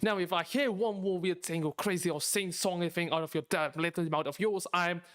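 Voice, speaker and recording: A man's voice: high voice, fairly even intonation, brisk, a bit bright. Man voicing huge bully prisoner, threatening, coarse insults, raised voice. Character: menacing huge male sailor-prisoner, bully.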